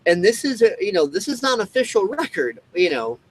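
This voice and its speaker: A man's voice: high-pitched, sing-song, fairly quick, rough recording. A man hosting a show, ranting in a rambling monologue full of fillers and restarts. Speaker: show host.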